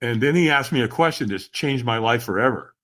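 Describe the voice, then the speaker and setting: A man, a podcast guest, telling a personal story in a lively, dramatic way and often addressing the host. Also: mid-range voice, brisk. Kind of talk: animated storytelling.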